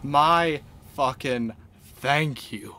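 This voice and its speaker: A man giving casual gameplay commentary in an excitable, exclamatory way, swearing freely. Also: mid-range voice, drawn-out words, slight background noise. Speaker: video game let's-player.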